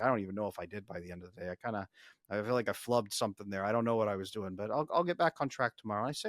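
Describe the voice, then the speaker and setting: A man's voice: medium pitch, lively intonation, fast talker, a bit bright, no room sound, studio quality. A man speaking as a podcast guest and relationship coach, explaining ideas energetically with frequent restarts. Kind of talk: casual explanatory podcast talk.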